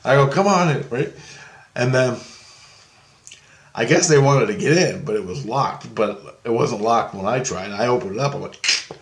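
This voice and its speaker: A man's voice: mid-range voice, moderate pace, long pauses. Guy rambling through a story, laughing a lot, cussing, sounds like he's in an echoey room. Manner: rambling and animated, swears, laughs often, acts out voices. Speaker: storyteller recounting an astral travel experience. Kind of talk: casual storytelling.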